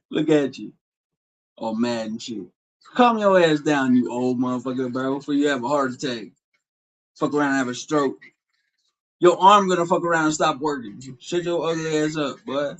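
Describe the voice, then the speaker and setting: A man's voice: fairly high pitch, moderate pace, poor audio. A man live-streaming, taunting someone with crude trash talk and insults. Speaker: livestreamer.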